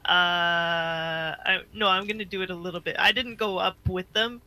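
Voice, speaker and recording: Bright high-voiced player. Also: male voice, fairly even intonation, normal speed, smooth, no echo, low-quality recording. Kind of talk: tabletop game chat.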